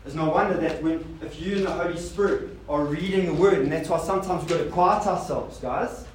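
A man's voice: on the high side, fairly quick. A man preaching a sermon to a congregation. He asks rhetorical questions and makes casual asides to the listeners. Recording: roomy hall sound with faint noise.

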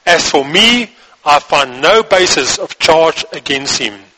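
A man's voice: a little high, animated, takes it slowly, sharp tone, full character voice, poor audio. A man reading aloud the lines of an uneasy Roman governor questioning a prisoner, in a slightly raised, questioning tone. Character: uneasy middle-aged male Roman governor.

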